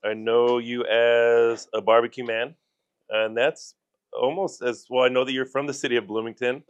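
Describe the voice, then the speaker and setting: A man's voice: mid-range voice, level tone, moderate pace, clean tone, lo-fi sound. A man hosting a casual interview podcast, asking easygoing, friendly questions. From Southern California. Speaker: podcast host.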